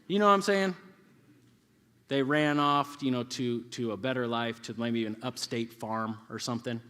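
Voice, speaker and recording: A youth pastor in his thirties gives a casual sermon and performs quoted voices as he goes. His mid-range voice sounds pushed and bright at a moderate pace, carrying the reverb of a live hall.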